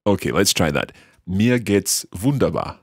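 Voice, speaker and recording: A man's voice: low-pitched, sing-song, a little slow, husky, no room sound, studio quality. A man hosting a language lesson as the learner, curious and repeating new words back. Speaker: host and learner.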